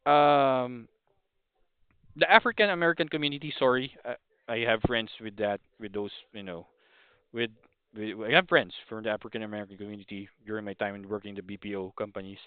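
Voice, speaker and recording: A man's voice: on the low side, steady tone, a little fast, clear, resonant tone. A man in his thirties from the Philippines with a Filipino accent, hosting a podcast as a casual opinion monologue, rambling with frequent restarts and apologies. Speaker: podcast host. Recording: thin phone-like audio.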